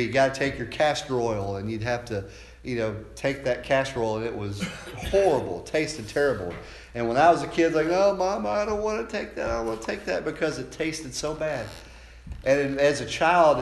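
A man preaching a sermon, moving from calm teaching to loud, fervent passages and acted-out quotes. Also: reverberant. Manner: builds from calm teaching to loud, high-pitched fervor.

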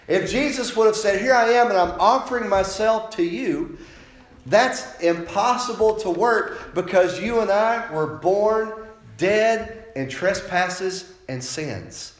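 Preaching man with a raised, roomy voice. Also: sits high. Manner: preaching with frequent rhetorical "right?" tag questions; emphatic, insistent doctrinal preaching. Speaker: pastor. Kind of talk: sermon. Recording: roomy echo.

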